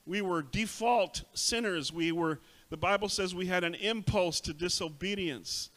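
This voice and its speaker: A bright, fairly high-voiced middle-aged man preaches from a church pulpit. He tells stories in an animated way, acting out the voices of the people in them. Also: unhurried. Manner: animated storytelling, acts out voices. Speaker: pastor. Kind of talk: bilingual sermon, self-translating. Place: church sanctuary.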